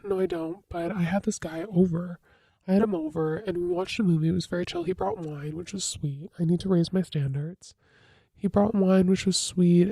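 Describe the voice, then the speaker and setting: A young woman hosting a podcast, telling a casual confessional story in a chatty, filler-heavy way with sudden dramatic jumps in pitch. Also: warm tone, dry recording. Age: young adult. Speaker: podcast host.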